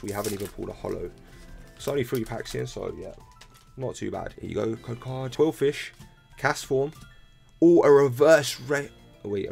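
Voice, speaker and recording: A young man, chatting casually to viewers while opening trading cards, excitable and full of slang. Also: on the low side, creaky. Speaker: card-opening video host. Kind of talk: casual card-opening commentary. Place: room at home. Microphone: laptop camera.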